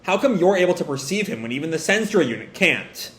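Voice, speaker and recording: A man's voice: on the high side, big pitch swings, quick pace, a bit bright, pitched above the performer's own voice. A man voicing a stern adult village leader and father, giving firm commands. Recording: roomy echo.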